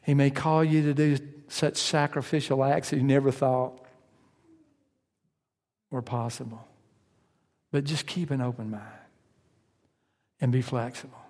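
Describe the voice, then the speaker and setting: A man's voice: medium pitch, flat delivery, measured pace, pauses often, darkish tone, big-room sound. A man preaching a sermon in a conversational way, asking his listeners questions and acting out their inner voices.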